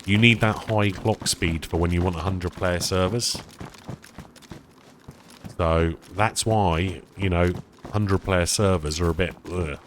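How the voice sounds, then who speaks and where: A man with a notably low, deep voice talks his way through a survival game for his stream viewers. He rambles casually, jokes at his own expense and chats to his audience. A faint hiss of noise sits behind him. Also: slow. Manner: chatty, self-deprecating, talks to chat. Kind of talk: casual gameplay commentary.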